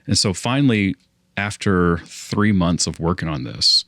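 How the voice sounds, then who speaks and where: A man's voice: low voice, lively intonation, a little slow, fairly bright tone, dry recording, studio quality. A young man on a casual podcast, telling a long story in a rambling way and often restarting his sentences. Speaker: podcast co-host.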